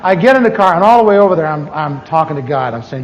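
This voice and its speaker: A man with a fairly high voice teaches like a pastor, spinning funny, animated stories and acting out scenes from his own life. He is recorded live in a big hall with long reverb and a faint hiss underneath. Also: fast talker, few pauses, lo-fi sound. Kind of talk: humorous storytelling lecture. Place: large church conference hall.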